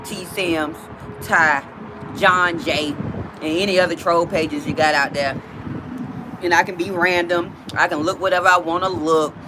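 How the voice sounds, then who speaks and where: A woman's voice: on the low side, steady tone, unhurried, noisy background. A woman hosting a casual livestream from outdoors, chatting directly with her viewers. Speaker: livestream host.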